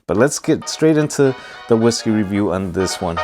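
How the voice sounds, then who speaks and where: A man with a Hispanic American accent hosting a casual whiskey review vlog, talking in a relaxed, rambling way with many fillers. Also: lowish voice, moderate pace, loud music behind the voice. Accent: Hispanic American English. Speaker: whiskey reviewer, channel host.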